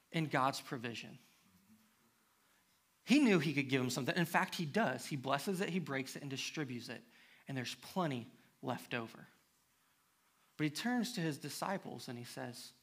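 A man's voice: fairly high pitch, fairly bright tone. A man preaching a sermon as pastor, reading scripture aloud and then building to an emphatic, impassioned appeal. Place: church.

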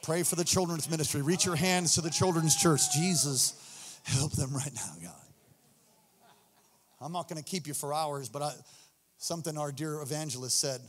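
A man preaching a sermon with fervent passion, a sing-song cadence and swings from loud to hushed. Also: a little high, normal speed, long pauses. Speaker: pastor. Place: church sanctuary. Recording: long reverb of a large hall.

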